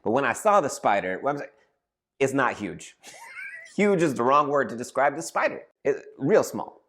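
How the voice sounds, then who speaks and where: A man in his thirties tells a funny story from his life to the camera. His pitch swoops widely as he acts out voices and bursts into shouts, and his delivery stays animated throughout. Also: moderate pace. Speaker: storyteller vlogger. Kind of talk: casual comedic storytelling.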